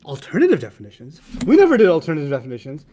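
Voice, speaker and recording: A man's voice: a little high, rapid-fire, a little hiss or hum. A man teaching Arabic grammar to young students in a casual, playful, teasing way. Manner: playful, teasing, animated explaining.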